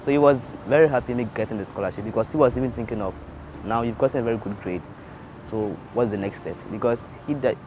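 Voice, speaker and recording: A young man, a scholarship student who answers interview questions haltingly and repeats his words. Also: lowish voice, noisy background. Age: young adult. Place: outdoors in town. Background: music and passing vehicles.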